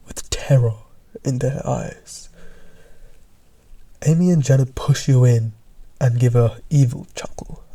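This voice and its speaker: A young man casually narrating a second-person storytime, often dropping into hushed, half-whispered asides. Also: mid-range voice, breathy edge.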